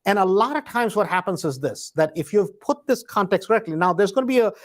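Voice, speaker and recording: A man teaching real estate investing in a loose, conversational way, often checking in with the listener with a quick "right?". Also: high voice, expressive. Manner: conversational, peppers points with a tag question "right?"; acts out door-knocking scripts in a hesitant, searching tone. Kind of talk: live instructional talk.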